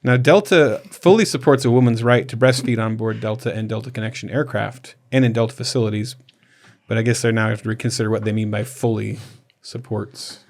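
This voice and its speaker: A man's voice: on the low side, fairly even intonation, brisk. A man hosting a podcast in casual comedic chat, rambling and laughing as he tells a story. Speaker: podcast host.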